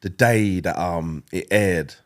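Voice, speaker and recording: A man with a fairly low voice talks through his stories as an interview guest. He's animated and slangy, tossing in quick asides as he goes. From London, England. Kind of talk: casual interview chat.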